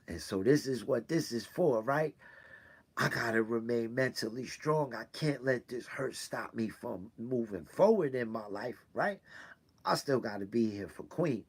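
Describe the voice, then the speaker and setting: A man talking to his regular viewers, hurt and close to tears, halting and repeating himself between sighs. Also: medium pitch, animated, husky. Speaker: weekly video host. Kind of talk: personal confessional talk. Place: indoors in a room.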